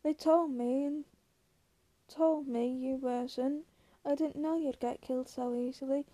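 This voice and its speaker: A woman voicing a big, simple-minded male farmhand who talks in a slow, pleading, fearful way. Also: high-pitched, steady tone, warm tone, no echo. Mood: sad.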